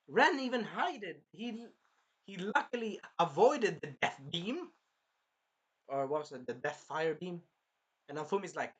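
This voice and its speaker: A man excitedly recapping an anime episode on camera, swearing, apologizing and acting out the scenes. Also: sits high, moderate pace, breathy edge. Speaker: anime reviewer.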